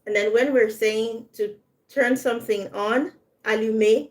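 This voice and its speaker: Slow, patient woman tutoring English. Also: fairly high pitch, steady tone, a little mellow. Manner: patient, explains by modeling stress, slips into French. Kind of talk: live online language lesson.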